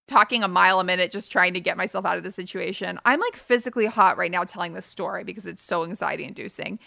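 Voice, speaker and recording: A young woman, co-hosting a podcast and telling a story fast and animatedly. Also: on the low side, creaky, bright, forceful tone, no room sound, studio quality. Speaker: podcast co-host. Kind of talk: casual storytelling chat.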